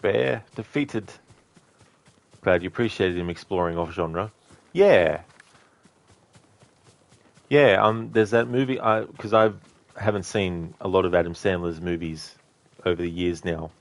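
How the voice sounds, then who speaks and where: A man with a very low voice streams a game. He chats along casually and answers viewers, rambling between thoughts with many fillers. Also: a little slow, long pauses, no echo. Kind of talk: casual gaming commentary.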